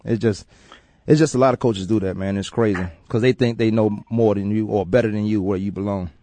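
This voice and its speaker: A man hosting a casual sports talk radio show, animated and repetitive as he makes his points. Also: fairly low pitch, fairly quick, heavy background noise. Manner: animated, repeats himself.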